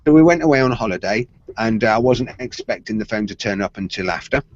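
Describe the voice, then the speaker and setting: A man's voice: on the low side, expressive, fast, darkish tone, no room sound. A middle-aged man co-hosting a tech podcast, telling a story playfully and acting out the voices of the people in it. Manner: playful storyteller who acts out quoted voices. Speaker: podcast co-host. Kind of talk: casual tech chat, storytelling. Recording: dry, slightly muffled podcast audio.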